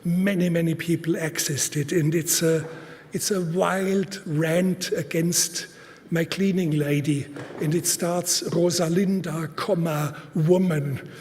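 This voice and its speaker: A man gives a live conference talk in deliberate, halting speech, with fillers and restarts, stressing points by repeating words. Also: fairly high pitch, fairly even intonation, darkish tone, a little hiss or hum. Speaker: conference speaker. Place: large auditorium. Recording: long hall reverb.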